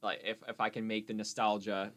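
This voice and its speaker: A man's voice: on the low side, completely flat delivery, brisk, a bit bright. A young man hosting a casual nerd chat podcast, teasing his co-host and steering the topics.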